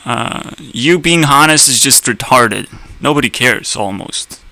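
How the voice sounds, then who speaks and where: A man's voice: mid-range voice, animated, unhurried, gravelly, pushed and bright, dry recording, poor audio. A young man ranting in a blunt, sarcastic way, swearing often and laughing at his own jokes. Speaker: streamer. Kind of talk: profane ranting commentary.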